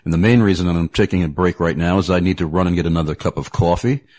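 A man's voice: sits low, steady tone, quick pace, a little mellow. A man hosting a radio talk show, chatting casually, often repeating words and laughing easily.

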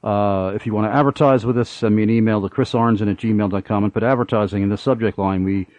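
A man's voice: lowish voice, steady tone, fast talker, darkish tone, no room sound. A middle-aged man hosting a Christian radio talk show, speaking earnestly with many fillers.

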